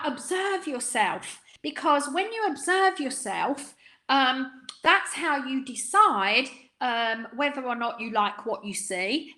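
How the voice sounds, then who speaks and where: A woman's voice: sits high, sharp tone. A middle-aged woman from the East End of London with a light London accent, coaching salon owners in a live webinar, chatty, with frequent ums and tag questions like "right?". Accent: London, Cockney undertone.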